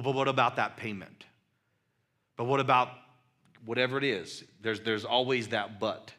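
A man preaches from the pulpit in a bright, forceful voice. He tells stories casually, leaning on fillers and restarts, and now and then he acts out shouting at the top of his range. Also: medium pitch. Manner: conversational storytelling, frequent fillers, acts out his own shouting. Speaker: pastor. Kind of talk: sermon.

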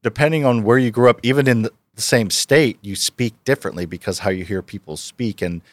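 A man's voice: on the low side, a little fast, dry recording. A man co-hosting a podcast in casual chat, rambling and self-deprecating. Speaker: podcast co-host.

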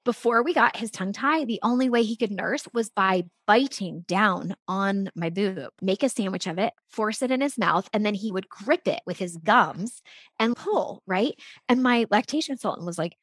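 A woman in her thirties, a podcast guest, telling a personal story in an earnest, animated way and often saying "like". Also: mid-range voice, moderate pace, no echo. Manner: earnest and animated, frequent "like" fillers. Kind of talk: candid conversational storytelling.

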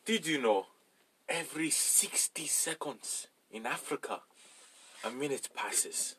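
A man voicing a boastful, chest-pounding man with a loud, boisterous delivery. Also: medium pitch, expressive, slow pace, breathy edge, heavily acted.

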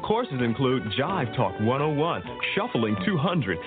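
A punchy commercial announcer with a lively pitch. Music plays behind him on a tinny line. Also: male voice, measured pace. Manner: punchy ad read. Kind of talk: comedy film sketch. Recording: tinny phone-line audio over music.

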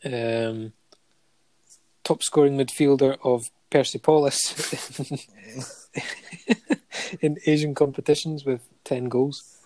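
A man's voice: medium pitch, steady tone, slow, long pauses, darkish tone, no room sound. A man in casual podcast chat, reading out a long list of honours with frequent ums and light chuckles. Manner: listing facts steadily with many ums and chuckles.

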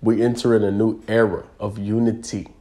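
A man's voice: fairly low pitch, level tone, normal speed, warm tone. A man giving a spiritual talk, emphatic and repetitive, often checking whether the listener follows.

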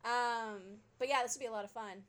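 A young adult woman co-hosts a podcast in a casual, chatty way, laughing often and using many fillers. Her voice is on the high side, a bit bright, clear, and resonant, with fairly even intonation and a slightly fast pace.

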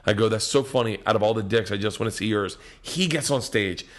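Profane, animated man telling stage stories. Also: on the low side, a little fast. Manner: animated, profane, swings between loud and hushed. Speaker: guest comedian. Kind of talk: casual podcast storytelling.

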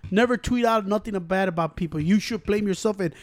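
Fast-talking high-voiced man ranting. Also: dry recording, clean studio sound. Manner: rapid Spanglish code-switching, profane, heated ranting. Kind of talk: casual chat.

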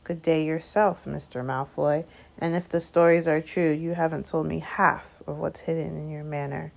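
A woman's voice: deep voice, little pitch movement, moderate pace, vocal fry. A woman doing oily shopkeeper Mr. Borgin. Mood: sour. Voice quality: oily, ingratiating. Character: oily, fawning male shopkeeper, middle-aged.

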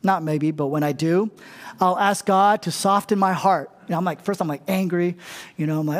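High-voiced male pastor, chatty sermon. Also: moderate pace, in a large hall. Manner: casual and humorous, often asks the crowd "right?". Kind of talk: conversational sermon.

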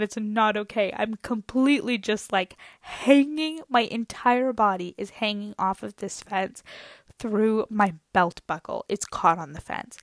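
A woman's voice: mid-range voice, measured pace, no room sound. A woman in her twenties telling a story to her viewers in a casual, dramatic, self-mocking way. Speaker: vlogger.

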